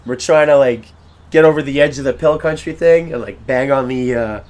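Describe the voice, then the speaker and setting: A young man co-hosting a podcast in casual chat, telling stories in a lively way and laughing along. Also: mid-range voice, fairly quick. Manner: animated, laughing storyteller. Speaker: podcast co-host.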